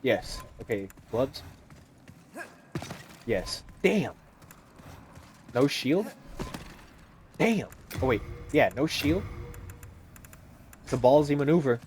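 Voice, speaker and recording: A young man giving loose, joking gameplay commentary, teasing the characters on screen and reacting out loud as he plays. His voice sits at an ordinary middle pitch, with faint background noise in the mix. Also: slow pace, pauses often. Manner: animated, joking, talks to game characters. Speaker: gaming YouTuber.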